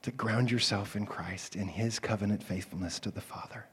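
A man preaching a sermon as a pastor, swinging between loud, animated calls and soft, hushed passages. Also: on the low side, moderate pace, husky.

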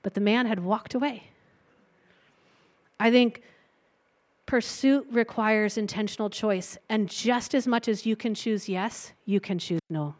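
A woman's voice: mid-range voice, measured pace, long pauses. A woman preaching a sermon in a conversational way, retelling a Bible story and breaking into light laughs between points.

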